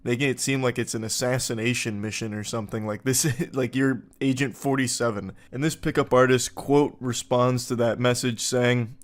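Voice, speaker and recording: A man's voice: mid-range voice, fairly even intonation, normal speed, few pauses. A young man giving casual commentary as he reads online posts aloud, with wry, incredulous and mocking asides.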